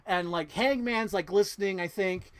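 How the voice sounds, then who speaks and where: A man with a slightly high voice recaps a movie with boyish excitement, cursing freely and humming the music between beats. He sounds close to the mic in a dry, deadened space. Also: moderate pace, clean tone, dry recording. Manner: excitable, swears a lot, hums sound effects. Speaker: podcast host. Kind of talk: animated movie recap to a co-host.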